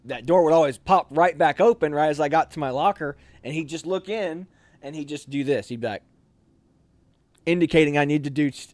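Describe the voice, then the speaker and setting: A man's voice: a little fast, no room sound. Storytelling American man, dry close sound. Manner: animated, barks drill commands in a loud high voice. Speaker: officer candidate telling stories. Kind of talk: casual storytelling.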